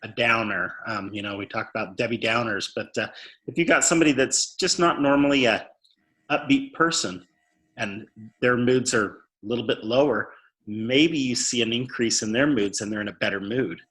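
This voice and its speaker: A man's voice: mid-range voice, moderate pace, a bit bright. A man speaking earnestly in an interview, telling a story and often repeating words as he stresses a point. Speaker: suicide prevention speaker.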